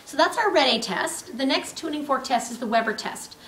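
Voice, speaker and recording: A woman teaching a clinical skills demonstration, explaining step by step with frequent pauses and fillers. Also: sits high, animated, a bit bright, a little hiss or hum. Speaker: nursing instructor. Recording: roomy, distant mic with faint ambience.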